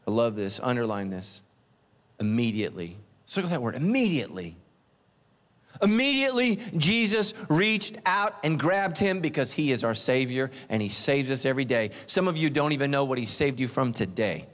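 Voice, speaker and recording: Animated preacher man in a reverberant hall. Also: normal speed. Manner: animated storytelling, acts out voices, big pitch swings. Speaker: pastor. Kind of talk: sermon. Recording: long reverb of a large hall.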